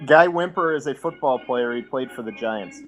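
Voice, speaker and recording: A man's voice: medium pitch, normal speed, soft background music. A man on a fan podcast panel making dry wisecracks. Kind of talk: casual panel chat.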